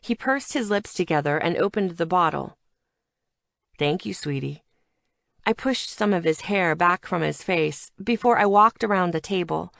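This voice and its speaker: A woman reading a first-person audiobook in an even, conversational storytelling manner. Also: lowish voice, moderate pace, vocal fry, hardly any pauses, dry recording, studio quality. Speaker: audiobook narrator.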